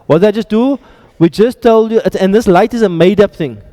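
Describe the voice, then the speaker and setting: A male Arabic grammar teacher leads a classroom lecture in a high, mellow voice, speaking a little fast. He quizzes students and drops playful jokes between drills, with a long reverb hanging on every word.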